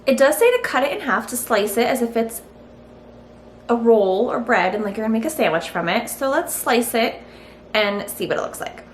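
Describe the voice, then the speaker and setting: A woman's voice: a little high, lively intonation, moderate pace. Chatty woman in an echoey kitchen. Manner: chatty, frank, thinking aloud. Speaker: cooking vlogger. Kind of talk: casual recipe-testing vlog. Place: home kitchen. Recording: roomy kitchen echo, faint hiss.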